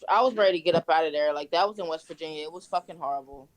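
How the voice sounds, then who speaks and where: Animated, swearing young woman storyteller. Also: low-pitched, very fast. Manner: animated, profane, laughs while telling stories. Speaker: guest. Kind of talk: casual storytelling.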